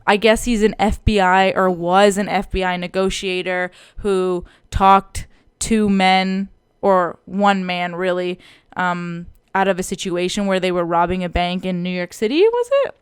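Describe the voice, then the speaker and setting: Chatty young woman, very crisp voice. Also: unhurried, no room sound, studio quality. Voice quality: high and bright, tinny and loud by her partner's account. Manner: chatty, rambling, playful with her voice. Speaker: podcast co-host. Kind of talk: casual chat. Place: home podcast setup, live-streamed. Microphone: podcast mic, close up.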